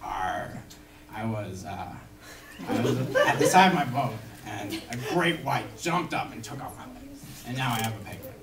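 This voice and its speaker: A man voicing a gruff old male veteran pirate with a growling drawl, recorded far from the mic in an echoey room. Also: medium pitch, animated, normal speed, a loud crowd, voice pushed down, lightly acted.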